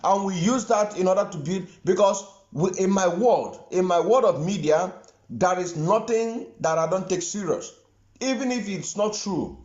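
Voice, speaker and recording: Man, Nigerian Igbo accent, high voice, impassioned commentary, roomy muffled sound. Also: normal speed, a little mellow. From southeastern Nigeria. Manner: emphatic, repeats phrases for stress. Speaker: online commentator. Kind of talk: impassioned social media commentary.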